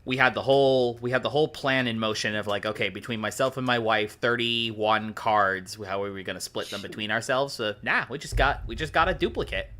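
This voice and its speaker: A man's voice: on the low side, a little fast, hardly any pauses, pushed and bright. A man in his late twenties chatting over a voice call during a card game, friendly and talkative. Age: 20s. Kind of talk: casual chat over voice call.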